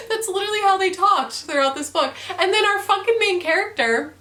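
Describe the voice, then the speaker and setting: A woman's voice: high-pitched, lively intonation, fairly quick, few pauses, bright, forceful tone, slight background noise. A young woman in a casual book review chat, ranting with frequent swearing and laughter. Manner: profane, ranting, laughs often.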